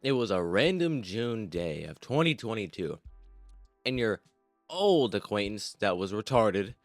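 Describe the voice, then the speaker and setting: A man's voice: on the low side, big pitch swings, unhurried, no echo, soft background music. Rambling, foul-mouthed young man telling a story. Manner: rambling, crude, heavy swearing, addresses listener as you. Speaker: storytime vlogger. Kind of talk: comedic storytime monologue.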